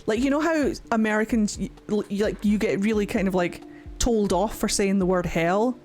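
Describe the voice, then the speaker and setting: A woman's voice: mid-range voice, normal speed, darkish tone, soft background music. A Scottish woman chatting casually on a livestream, talking freely and swearing often. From Scotland. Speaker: streamer.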